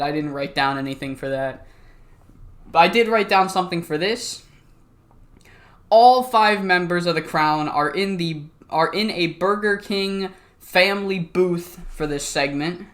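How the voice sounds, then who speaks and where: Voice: medium pitch, fairly bright tone. Easygoing YouTube game commentator, loose and rambling, swears freely, laughs off mistakes.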